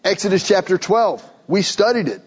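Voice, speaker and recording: A pastor preaching a sermon, emphatic, building to urgent questions. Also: male voice, high-pitched, expressive, normal speed, husky, highs cut off.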